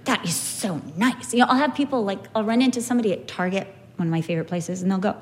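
A middle-aged woman teaching from the Bible in a conversational way, telling lively stories and acting out the people in them. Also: medium pitch, very fast, a little hiss or hum. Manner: animated storytelling, acts out quoted people.

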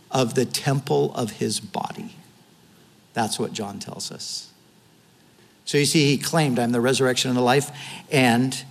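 Slow-speaking preacher, a man. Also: medium pitch, gravelly, breathy edge, big-room sound. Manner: earnest preaching, retelling scripture with quoted dialogue; closing in prayer. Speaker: pastor. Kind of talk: sermon.

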